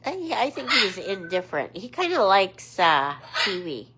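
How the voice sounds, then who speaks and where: A woman hosting a casual livestream with her pet parrots, chatting with viewers and switching to high, sing-song baby talk for her birds. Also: very animated, normal speed. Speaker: pet parrot channel host. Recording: loud background noise with bird clicks.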